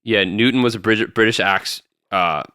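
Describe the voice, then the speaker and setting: A young man co-hosting a casual podcast, talking in an animated, jokey way with lots of restarts. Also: fairly low pitch, normal speed, clear, resonant tone, no room sound, studio quality. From Tampa, Florida. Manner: animated, jokey, jumps in often, many restarts. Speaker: podcast co-host. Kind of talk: casual chat.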